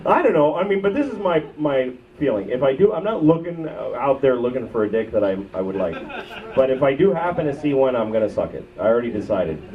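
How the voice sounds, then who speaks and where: A man in his thirties doing live stand-up, profane and ranting, swinging from loud outbursts to low muttered asides. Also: very animated, quick pace. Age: 30s. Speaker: stand-up comedian. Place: comedy club stage. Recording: muffled bootleg recording from a distance with loud crowd noise. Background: audience laughter.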